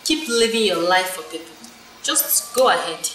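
A woman's voice: mid-range voice, expressive, moderate pace, a bit bright, slight background noise, close to an everyday voice. A woman playing a blunt friend who scolds and mocks sarcastically. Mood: sarcastic. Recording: roomy, distant, music underneath.

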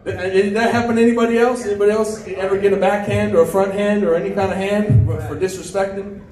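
A pastor telling a story during a sermon, full of restarts and questions to the congregation. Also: male voice, high-pitched, steady tone, quick pace, a little mellow. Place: church sanctuary. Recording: roomy church sound from a distance.

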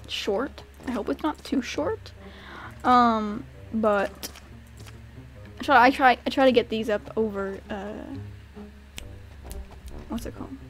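Female gamer host, high-pitched, chatty and giggly, excitable commentary over faint music. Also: slow pace, pauses often. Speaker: gaming channel host. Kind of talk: casual gameplay commentary.

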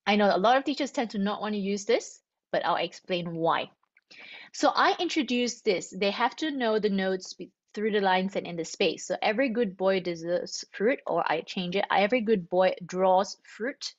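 A woman's voice: medium pitch, lively intonation, moderate pace, no room sound, lo-fi sound. A woman string teacher explaining note reading step by step, asking and answering her own questions in a chatty way. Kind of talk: instructional explanation.

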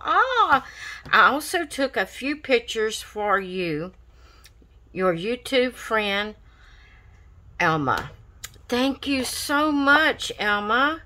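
A woman, gushing and excited as she opens craft mail in a casual vlog. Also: fairly high pitch, drawn-out words, long pauses. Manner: gushing, excited, repeats thanks. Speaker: craft vlogger.

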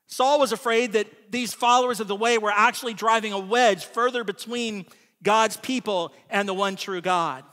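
A man's voice: sits high, moderate pace, fairly bright tone, in a large hall. A man preaching a sermon in a church, talking in a conversational way and often adding "right?" to check in with his listeners. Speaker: pastor. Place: church hall.

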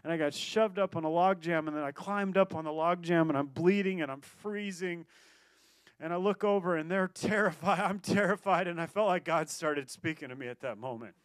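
A man with a high voice preaches a sermon and tells his story with energy, stumbling over his words and pushing on. The sound is dry and close, with no room around it. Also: no room sound. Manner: storytelling, animated, quick restarts and laughs. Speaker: pastor.

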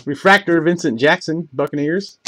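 A man hosting a live trading card break, reading off each pull in quick succession, tripping over names now and then. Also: fairly high pitch, heavy background noise. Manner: rapid list-reading, stumbles over names; bursts of excitement on big pulls.

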